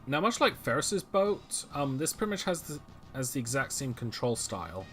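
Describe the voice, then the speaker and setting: A man's voice: mid-range voice, very animated, moderate pace, a bit bright, soft background music. A man hosting a let's play, chatting casually as he plays, rambling with fillers and restarts. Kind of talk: casual game commentary.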